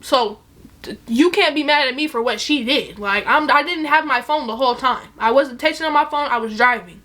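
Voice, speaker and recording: A young woman telling a casual storytime, animated and profane, acting out the other people's lines in bursts. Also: high voice, brisk.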